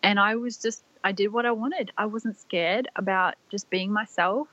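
A woman's voice: mid-range voice, moderate pace, a bit bright, dry recording, lo-fi sound. A young woman casually and emotionally telling her birth story, with many fillers and restarts.

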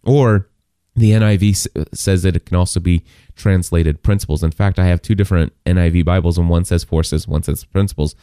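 A man's voice: deep voice, fairly even intonation, fairly quick, warm tone, clear, resonant tone, dry recording, studio quality. A man preaching a sermon in a casual, conversational way, with many restarts and bursts of passionate emphasis. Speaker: pastor.

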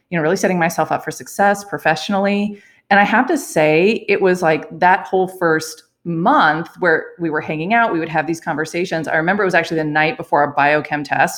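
A young woman tells a personal story in a relaxed, chatty way, her voice sitting a little low for a woman. She laughs often and acts out the lines people said. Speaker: physician telling her story.

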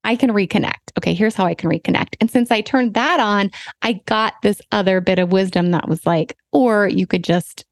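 A woman hosting a podcast, telling a personal story in a candid, animated, self-deprecating way. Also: medium pitch, fairly quick, no room sound. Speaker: podcast host.

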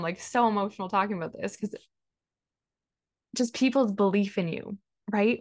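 A woman talks through her own business journey in an earnest, heartfelt monologue. Her pitch sits in the middle range. She fills her speech with "like" and restarts her phrases, and she sounds personal and emotional. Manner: earnest, emotional, fond of "like" and repeated words. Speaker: business coach and podcast host.

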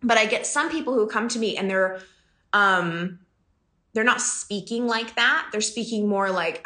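A woman coach talks straight to her listeners in a bright, clear voice. She is chatty and emphatic and laughs often as she talks. Her pitch sits in the middle range for a woman. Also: unhurried. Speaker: business coach. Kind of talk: casual podcast talk. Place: home in the country.

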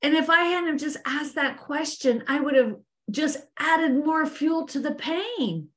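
Middle-aged woman, business coach, faith-based leadership talk, earnest and lively, slightly high voice. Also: unhurried. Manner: earnest, animated, addresses listeners as ladies. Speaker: business coach teaching women.

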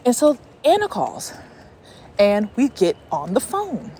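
Slow and slightly high-voiced, a young woman hosts a podcast while out on a walk, telling a personal story with casual energy. She swears freely and often begins sentences again, and there's slight background noise.

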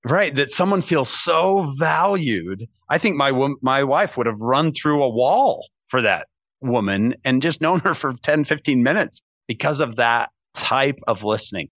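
Male guest, average pitch, chatty storyteller full of asides, close dry recording. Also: measured pace, no echo. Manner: animated, self-mocking anecdote teller; many restarts and asides like "right?". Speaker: podcast guest. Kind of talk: casual storytelling.

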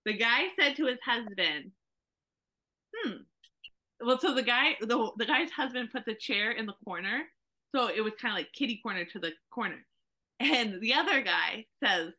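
A woman co-hosting a casual conversation, telling animated stories and acting out what people said. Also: a little high, moderate pace. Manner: animated storyteller, acts out quotes.

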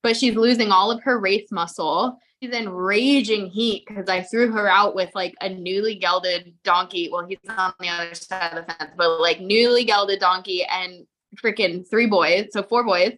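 A woman's voice: mid-range voice, fairly even intonation, moderate pace, a bit bright. A woman co-hosting a podcast, chatting candidly with lots of fillers and the odd swear. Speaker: podcast co-host and horse trainer. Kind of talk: casual chat.

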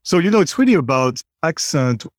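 A middle-aged company CEO appears as a chatty guest in a conversational interview, peppering his speech with "you know." His voice is a little high and sing-song, a bit fast, and recorded at studio quality with no room sound.

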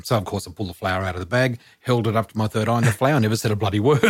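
A middle-aged man, a podcast guest telling lively stories and acting out the voices in them. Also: fairly low pitch, racing, hardly any pauses, slightly rough. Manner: animated storyteller, acts out voices, laughs often. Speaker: guest, spiritual teacher. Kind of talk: storytelling in a podcast chat.

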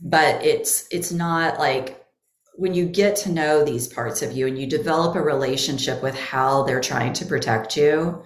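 A woman on a podcast, a therapist explaining inner parts in a slow, thoughtful way. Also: deep voice, roomy sound. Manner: explaining slowly with therapy terms. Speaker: guest therapist. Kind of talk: podcast conversation.

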